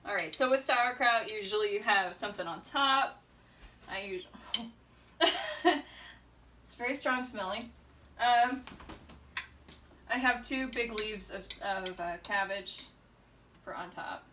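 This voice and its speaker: A woman vlogging casually at home, chatty and relaxed, laughing often between remarks. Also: medium pitch, slow, long pauses, slight background noise. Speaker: homesteading vlogger. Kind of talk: casual chat to camera. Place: home kitchen indoors.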